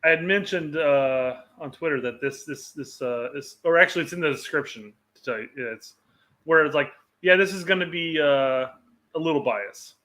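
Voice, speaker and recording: Easygoing, slightly high-voiced man. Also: normal speed, sharp tone, rough recording. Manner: easygoing, hesitant, many fillers. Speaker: podcast co-host. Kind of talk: casual sports chat.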